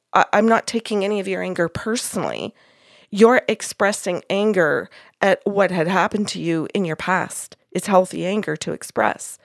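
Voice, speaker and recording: A woman's voice: lowish voice, no echo, studio quality. A woman podcast host retelling a session in casual chat, acting out the quoted dialogue.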